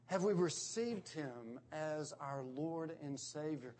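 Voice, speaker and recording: A man preaching a sermon, explaining scripture verse by verse with slow, emphatic delivery. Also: a little high, animated, a little mellow. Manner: slow, emphatic expository preaching with swells in volume.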